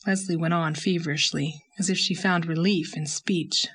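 A woman narrating an audiobook in a measured, expressive reading. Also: fairly low pitch, husky.

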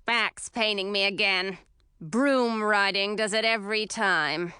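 A woman's voice: medium pitch, unhurried, sharp tone, clear, resonant tone, no room sound, clean studio sound. Grumbling old witch, achy and cross, a touch raised, read by a woman. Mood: grumpy. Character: grumpy, complaining old female witch.

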